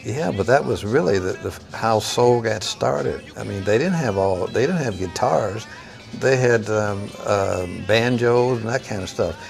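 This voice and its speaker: A man talking in an interview, halting and emphatic, with many fillers as he makes his point. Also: fairly low pitch, vocal fry, soft background music. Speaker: interviewee, musician. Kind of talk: reflective interview talk.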